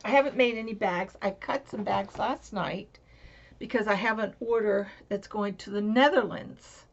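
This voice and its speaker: A woman from Florida talks casually on her crafting vlog, wandering between thoughts with plenty of fillers and restarts. Her voice has a gravelly edge. The home recording sounds muffled and dull. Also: mid-range voice, moderate pace. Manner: rambling, chatty, many fillers and restarts. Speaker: crafting vlogger. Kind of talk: casual chat.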